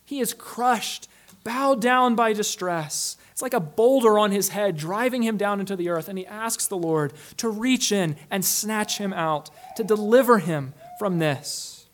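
Preaching earnestly and emphatically, this male pastor moves from forceful stresses to hushed, low drops, easing his pace whenever he reaches an important phrase.

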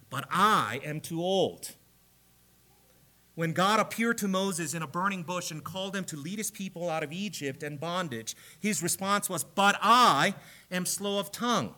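A man preaching a sermon, emphatic, growing loud on the repeated key phrases. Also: on the high side, measured pace.

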